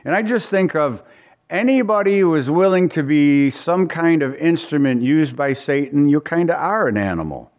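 A man's voice: a little high, expressive, normal speed, lo-fi sound. A man preaching a conversational Bible-study sermon in a folksy way, often repeating words and asking his listeners questions.

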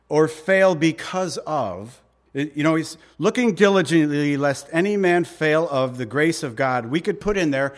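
Middle-aged male pastor, slightly high voice, easygoing sermon delivery, slow when reading verses, sudden quiet stresses. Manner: conversational preaching, slows down to read verses, drops quiet for emphasis.

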